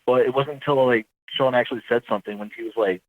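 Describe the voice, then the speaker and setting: A man, an army veteran, telling his story in a casual interview, rambling and halting as he corrects himself. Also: medium pitch, fairly even intonation, no echo, phone-quality sound.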